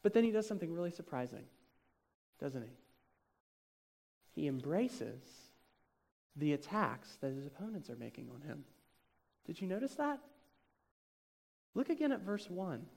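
A man with a notably high-pitched voice preaching a sermon. He speaks emphatically, putting rhetorical questions to the congregation. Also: very animated, normal speed, creaky, long pauses, darkish tone. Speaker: pastor.

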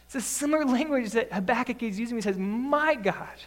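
This Bible teacher has an extremely high-pitched voice and delivers an expository sermon. After reading scripture at a slow, measured pace, he moves into a conversational explanation, emphasis rising earnestly on key points.

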